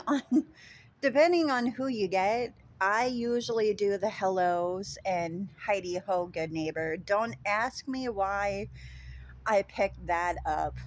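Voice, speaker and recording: A woman with a Minnesota accent talks casually to her vlog audience. She rambles at an unhurried pace in a fairly low voice, filling gaps with ums and dropping casual swear words. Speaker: vlogger. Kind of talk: casual chat.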